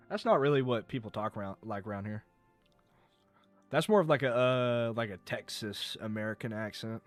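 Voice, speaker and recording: A man's voice: lowish voice, lively intonation, normal speed, faint music behind. A young man from North Carolina chatting casually on a live stream, rambling, swearing and joking at his own expense. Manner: rambling, swearing, self-mocking.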